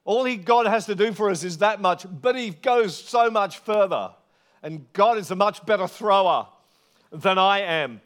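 Man, pastor, sermon, high voice, earnest, emphatic, slow stressed words. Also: fairly bright tone. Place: church gathering.

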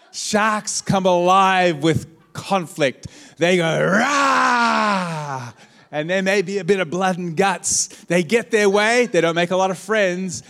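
A man preaching a sermon as pastor, telling stories with lively swings and calling out to his congregation. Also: a little high. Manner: animated storytelling with audience call-outs. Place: church auditorium. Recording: long hall reverb.

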